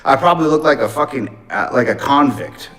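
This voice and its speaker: A man's voice: medium pitch, fairly quick, faint music behind, low-quality recording. A man telling a long personal anecdote on a livestream in a casual, rambling way with plenty of swearing. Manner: profane, rambling, animated retelling. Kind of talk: casual storytelling.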